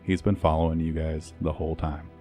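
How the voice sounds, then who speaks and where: Deep-voiced man narrating as game master. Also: level tone, a little fast, dark tone, faint music behind.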